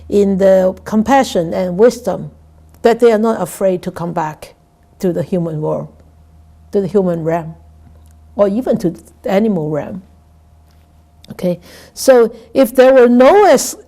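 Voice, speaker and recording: A Buddhist nun giving a dharma talk. She speaks haltingly, repeats words and keeps asking "right?". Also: medium pitch, mellow. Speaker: Buddhist nun teaching scripture.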